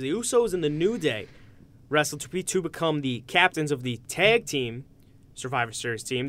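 A man's voice: medium pitch, a bit bright. A young man co-hosting a casual chat, explaining things at length and laughing at his friends. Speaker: podcast co-host.

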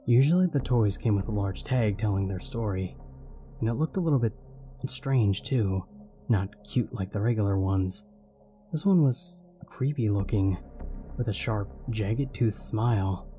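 A man narrating a scripted horror story in a measured, steady storytelling manner. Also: lowish voice. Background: faint background music.

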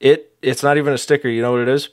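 A man's voice: mid-range voice, steady tone, racing, no room sound, studio quality. A man co-hosting a podcast, chatting in an easygoing, wry way. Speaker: podcast co-host. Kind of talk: casual comedic chat.

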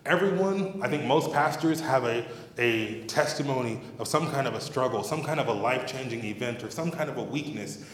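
A man's voice: medium pitch, expressive, fairly quick. A middle-aged man preaching a sermon as pastor, in a conversational, humorous and emphatic manner, in a church sanctuary. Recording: roomy hall reverb.

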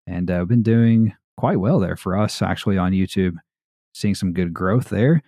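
A man's voice: low-pitched, moderate pace, mellow, no room sound, clean studio sound. A man with an American Southern drawl hosting a gaming podcast in a chatty, laid-back way, laughing often. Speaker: podcast host. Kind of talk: casual podcast chat.

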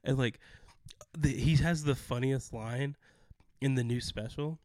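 A man in casual chat about a favorite sitcom, excitable, often acting out quotes. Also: mid-range voice, a little slow, dry recording. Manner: excitable, acts out quotes with laughs.

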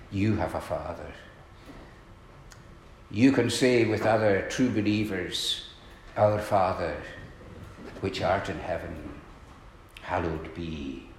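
A male preacher delivers his sermon at a slow, measured pace, leaning into pointed questions and then sinking to a hushed tone. His voice rings through a roomy, echoing church hall. He clears his throat now and then between phrases. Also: slight background noise. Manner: earnest preaching, rising to emphatic questions and dropping low; frequent throat clearing and filler pauses.

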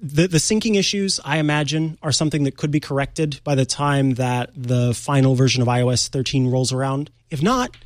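A man hosting a tech show, chatty and playful, demonstrating things live with quick asides. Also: medium pitch, no echo, clean studio sound. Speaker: host. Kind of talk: casual tech show chat.

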